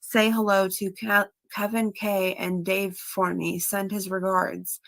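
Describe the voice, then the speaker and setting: A woman's voice: mid-range voice, vocal fry, dry recording. A woman reading out online comments and her replies in a casual, matter-of-fact way. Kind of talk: casual reading of chat messages aloud.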